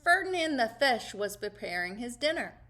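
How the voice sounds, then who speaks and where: A woman reading a children's storybook aloud in an expressive, sing-song way. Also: a little high, normal speed.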